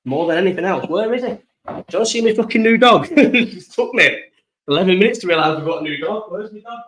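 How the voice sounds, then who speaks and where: Casual podcast host, man, raised pitch, rambling and sweary. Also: animated, quick pace, fairly bright tone, slight background noise, poor audio. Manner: rambling, swears freely, chatty storytelling. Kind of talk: casual live-chat podcast.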